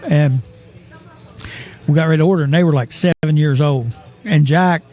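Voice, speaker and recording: A man's voice: a little high, normal speed, a little mellow, soft background music. A man hosting a casual sports talk show, rambling and chuckling as he tells stories. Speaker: host.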